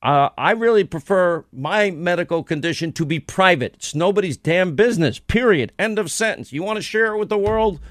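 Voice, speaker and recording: A man's voice: high-pitched, lively intonation, moderate pace, few pauses, fairly bright tone, no echo, studio quality. A man hosting a political commentary monologue, combative and sarcastic, firing off rhetorical questions. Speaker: talk show host.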